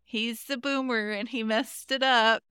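A woman's voice: a little high, steady tone, a little slow, sharp tone, clean tone, no room sound, studio quality. A woman co-hosting a podcast, recapping an episode in casual chat and giggling often. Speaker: podcast co-host.

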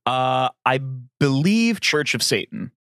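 A man co-hosts a casual podcast, telling long, rambling stories laced with plenty of swearing. His medium-pitched voice is fairly bright, clear and resonant, with big pitch swings and a slow pace. The studio sound is clean, with no echo.

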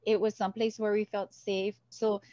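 Animated woman telling stories. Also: medium pitch, normal speed, no room sound, lo-fi sound. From Hawaii. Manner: animated, acts out the voices in her stories. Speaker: guest. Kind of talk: storytelling interview.

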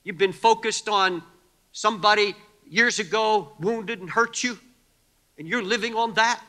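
Male preacher, high piercing voice, fervent sermon, long church-hall reverb. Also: measured pace. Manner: fervent, swings from quiet to shouting.

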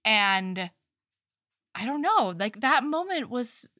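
A young woman co-hosting a book podcast, recorded close and dry with no room sound. She recaps the plot in a chatty, animated way, slipping into mocking voices for the characters. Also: fairly high pitch, takes it slowly, no room sound. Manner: animated retelling, acting out lines with mocking quotes. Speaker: podcast co-host. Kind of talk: casual book-discussion chat.

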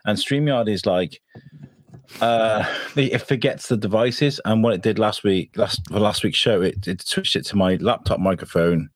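Guy, lowish voice, rambly easygoing podcast host, dry home mic. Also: normal speed, no echo. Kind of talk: casual chat. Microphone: home podcast setup.

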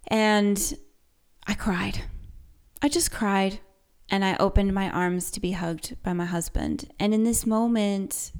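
A woman telling a personal story in an earnest, reflective way, speaking softly and often dropping to a near-whisper. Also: medium pitch, clean tone. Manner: soft and unhurried, often sinking to a near-whisper.

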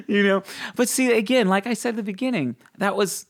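Young male guest, excitable storyteller who jumps into a high voice for quotes and laughs a lot. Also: brisk. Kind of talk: animated faith testimony in an interview.

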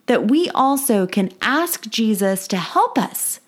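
Woman, Bible lesson podcast host, enthusiastic, emphatic, somewhat high voice, unhurried. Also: big pitch swings. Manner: enthusiastic, emphatic, repeats key points.

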